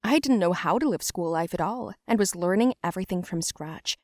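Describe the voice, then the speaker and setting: A young woman giving scripted first-person narration for an animated story, in a plain, matter-of-fact way. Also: on the low side, brisk, no echo, studio quality.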